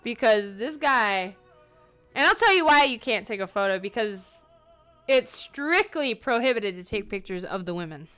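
A young woman hosting a podcast, telling stories from her life in a loose, animated way, swearing freely and laughing along. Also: on the high side, normal speed, smooth, faint music behind. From United States. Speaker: podcast host. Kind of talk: casual storytelling monologue.

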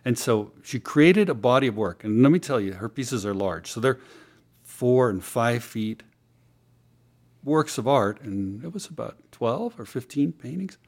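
A man's voice: medium pitch, animated, measured pace, darkish tone. A man, a guest on an interview show, telling a story in casual chat with many fillers and restarts.

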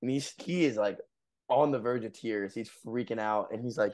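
A man's voice: fairly low pitch, normal speed, darkish tone. A young man on a podcast telling a story in a casual, rambling way, full of fillers and laughs. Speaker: podcast co-host.

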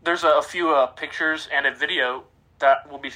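Male podcast co-host, mid pitch, bright, tense tone, rambles with lots of ums. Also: steady tone, moderate pace, poor audio. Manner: rambling, filler-heavy storyteller. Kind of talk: casual podcast chat.

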